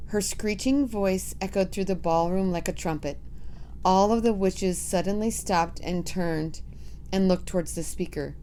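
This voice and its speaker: A woman's voice: mid-range voice, measured pace, warm tone, slight background noise. A woman reading a storybook aloud, narrating vividly in the first person.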